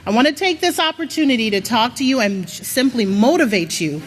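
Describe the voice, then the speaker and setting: A woman's voice: a little high, animated, a little fast, hardly any pauses, a little hiss or hum. A woman giving a motivational sermon to a congregation, leading call-and-response and coaxing them to repeat after her. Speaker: church speaker. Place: large worship hall.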